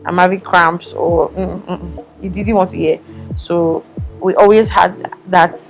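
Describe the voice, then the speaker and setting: A young woman vlogging, telling her story in an animated, expressive way. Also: on the low side. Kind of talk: casual chat. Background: faint background music.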